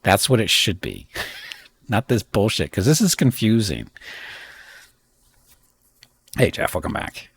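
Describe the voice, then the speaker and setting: A man's voice: fairly low pitch, wildly swooping pitch, slow, creaky, pauses often, a bit bright, slightly rough, dry recording. A middle-aged man streaming live, rambling through a games list with opinionated asides to chat. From United States. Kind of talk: casual live-stream commentary.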